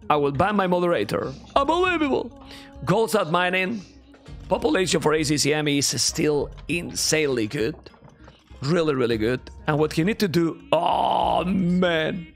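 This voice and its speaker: An excitable young man with a Spanish accent calls a strategy game match live, his pitch jumping all over the place. His voice sits a little high and carries a gravelly edge. Faint music plays under his commentary. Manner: excitable, reacts loudly to viewers. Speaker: esports caster.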